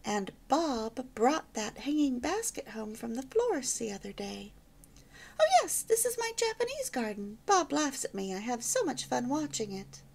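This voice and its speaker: A woman's voice: on the high side, big pitch swings, normal speed, gravelly, breathy edge, exaggerated voice. A woman voicing a cheerful young newlywed housewife who chats eagerly and proudly about her home. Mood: proud, chatty. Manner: bright, chatty and eager.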